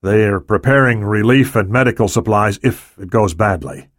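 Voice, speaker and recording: A man's voice: fairly low pitch, normal speed, dry recording, studio quality, lightly acted. A man voicing a matter-of-fact male spy official in an audiobook.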